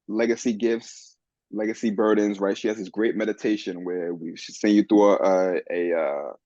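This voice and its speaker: A man guesting on a podcast, telling a personal story in an earnest, animated way with many restarts. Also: lowish voice, dry recording. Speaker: guest, men's coach. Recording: dull, dry lo-fi sound.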